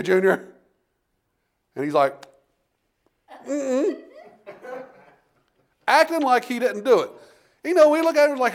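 A man preaching a sermon in a folksy storytelling way, calling out for amens and swinging between loud emphasis and hushed tones. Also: high-pitched. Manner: folksy storytelling, calls out "Amen?".

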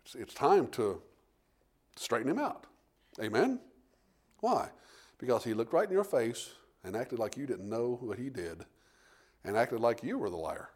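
A man preaching a sermon in a folksy storytelling way, calling out for amens and swinging between loud emphasis and hushed tones. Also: medium pitch, very animated, unhurried, pauses often. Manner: folksy storytelling, calls out "Amen?".

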